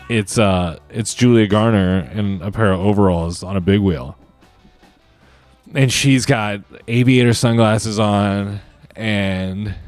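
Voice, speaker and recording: A man's voice: on the low side, a little mellow. A man hosting a comedy podcast solo, rambling and cursing as he makes up a movie plot on the spot. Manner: rambling, profane, improvising a plot aloud. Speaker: podcast host. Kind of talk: casual comedic riffing.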